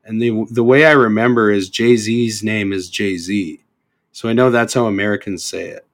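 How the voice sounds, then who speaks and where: A young man with a Canadian accent talks in a loose, rambling way, filling gaps with ums and circling back to restart his sentences. His voice sits a little on the low side. The feel is a relaxed podcast conversation. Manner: rambling, halting, with many fillers and self-corrections. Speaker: podcast guest. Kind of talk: casual chat.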